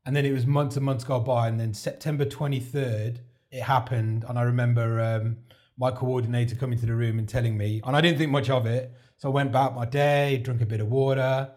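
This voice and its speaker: A man's voice: medium pitch, fairly even intonation, a little fast, a little mellow. A man, a podcast guest, telling his story in a chatty way and acting out what others said to him. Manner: chatty, relives events by acting out quoted dialogue. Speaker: podcast guest, heart transplant recipient. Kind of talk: casual interview storytelling.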